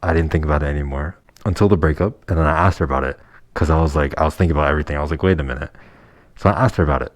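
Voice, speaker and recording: Heated, deep-voiced young man, swearing. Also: rapid-fire, no room sound. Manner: heated, profane and blunt. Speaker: vlogger. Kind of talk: casual storytelling.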